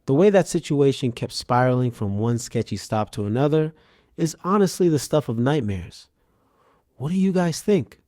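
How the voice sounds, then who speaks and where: A man narrating a scripted story with a steady, even storytelling delivery. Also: medium pitch, normal speed, no room sound, studio quality.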